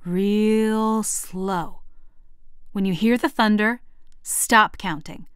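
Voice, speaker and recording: Lady reading as a calm folksy old granny, coaxing and patient, slow and dry. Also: medium pitch, clean tone, dry recording. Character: kind patient old farm grandmother. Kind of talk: picture book read-aloud.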